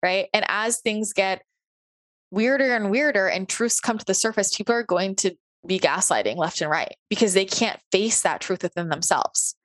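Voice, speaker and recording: A woman's voice: mid-range voice, normal speed, a bit bright, no echo. A woman hosting a podcast from home, talking earnestly and casually with lots of "like" and "right?". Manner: earnest, chatty, many fillers like "like" and "right?". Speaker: podcast host. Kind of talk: casual spiritual podcast monologue. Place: home office. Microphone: home recording on a computer.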